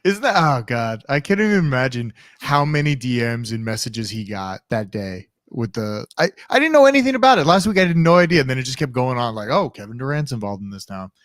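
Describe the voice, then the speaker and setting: A man's voice: mid-range voice, big pitch swings, brisk, few pauses, no room sound, studio quality. A man co-hosting a sports podcast, easygoing and hesitant, with lots of fillers. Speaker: podcast co-host. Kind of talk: casual sports chat.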